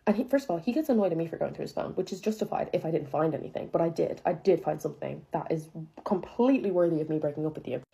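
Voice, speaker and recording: Creaky, dark and low, her voice moves fast and expressively. The young woman dramatically recounts her own story in a chatty, profane style, saying "like" over and over and sounding incredulous.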